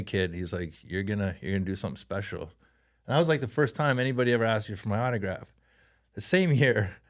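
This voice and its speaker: Canadian guy spinning a story in an interview, animated, lots of laughing, does little voices. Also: fairly low pitch. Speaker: podcast guest, former hockey player.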